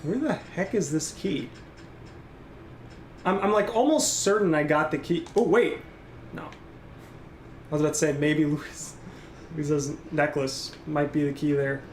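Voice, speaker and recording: A man's voice: on the high side, measured pace, pauses often, roomy sound, slight background noise. A man giving live, rambling gameplay commentary and chatting casually with his viewers. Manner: rambling, casual, reads and answers chat. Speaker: gameplay streamer.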